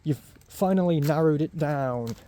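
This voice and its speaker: A man's voice: fairly high pitch, measured pace, warm tone, lightly acted. A man putting on the voice of a brusque, sarcastic British bartender with a British accent, mocking a customer's order. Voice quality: curt, mocking.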